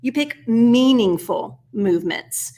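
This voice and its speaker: Woman, 40s, American puppetry teacher; bright higher voice, energetic and encouraging, counting steps aloud and slipping into whispers. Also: slow. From United States. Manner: energetic and encouraging, keeps asking "right?". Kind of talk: online workshop instruction.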